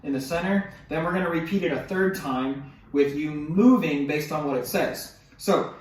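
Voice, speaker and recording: A man with a slightly high voice, talking at normal speed, casually guides listeners through snare exercises. He counts out the beats and regularly stops to restart or apologize, heard through a far-off mic in a very echoey room.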